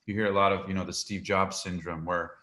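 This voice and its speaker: A man's voice: sits low, level tone, quick pace, bright, forceful tone. A man hosting an interview, asking long, winding questions full of fillers and murmuring agreement while his guest speaks. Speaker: interview host. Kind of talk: conversational interview.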